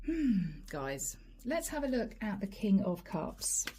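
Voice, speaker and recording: A woman's voice: mid-range voice, slow, a little hiss or hum. A woman giving a chatty tarot reading to camera, slipping into quoted voices. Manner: lively, chatty, often acts out quoted voices and asides. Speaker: tarot reader.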